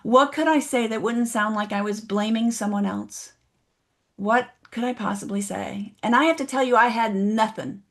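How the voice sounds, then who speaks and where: A woman's voice: on the high side, moderate pace, a bit bright. A woman giving a motivational keynote speech, telling a story and asking the audience direct questions. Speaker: motivational speaker. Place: online event, audience in chat.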